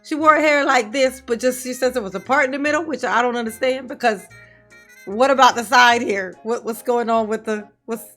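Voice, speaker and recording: A woman hosting a reaction commentary show, sassy and quick with jokes, laughing often. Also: on the high side, a bit bright, soft background music. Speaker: commentary channel host.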